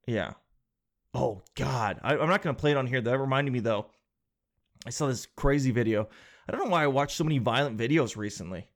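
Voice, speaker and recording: A man's voice: medium pitch, brisk. A man hosting a casual comedic monologue, rambling and sarcastic, swearing freely.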